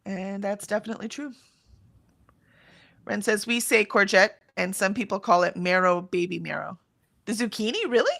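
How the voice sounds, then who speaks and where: A woman's voice: mid-range voice, animated, moderate pace, creaky, long pauses, a bit bright, dry recording. An American woman with a general, accentless American voice, chatting casually on a livestream, reading out chat comments with frequent ums. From United States. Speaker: livestream co-host.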